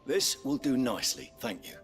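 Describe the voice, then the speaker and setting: An actor playing a friendly villager in a video game, cheerful and lively. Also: male voice, medium pitch, moderate pace, soft background music, natural voice. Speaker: game character.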